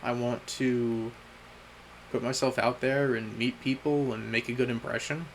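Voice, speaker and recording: A young man speaks at an ordinary middle pitch in a candid message to his future self, halting and stopping to restart his sentences. His self-critical talk comes in short bursts between pauses, over a faint hiss. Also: steady tone, rough recording. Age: young adult. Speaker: vlogger.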